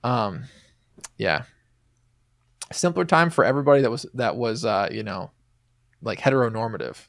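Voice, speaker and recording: A man's voice: mid-range voice, lively intonation, normal speed, vocal fry, no room sound, studio quality. Rambling man co-hosting a podcast. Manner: rambling, crude, many fillers and restarts. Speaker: podcast co-host. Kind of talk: casual movie-recap chat.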